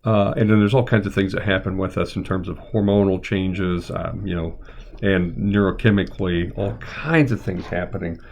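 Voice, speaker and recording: A middle-aged man with a lowish voice talks through a live-streamed lesson as a therapist. He rambles gently, thinking aloud and filling pauses with ums and uhs. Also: steady tone, a little hiss or hum. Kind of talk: unscripted live-stream lecture.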